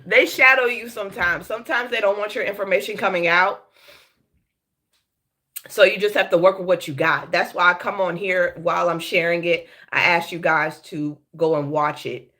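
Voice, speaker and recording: A woman's voice: lowish voice, fairly even intonation, moderate pace, pushed and bright. A woman hosting a casual live stream, blunt and swearing freely, a bit sick and talking with a slight lisp from her braces. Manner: blunt, swearing, greets chat viewers by name. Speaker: live show host.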